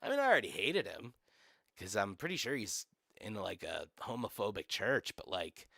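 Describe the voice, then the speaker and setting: A man's voice: lowish voice, very animated, normal speed, vocal fry, fairly bright tone, dry recording, studio quality. A young man streaming live, ranting casually with sarcasm and swearing, laughing often.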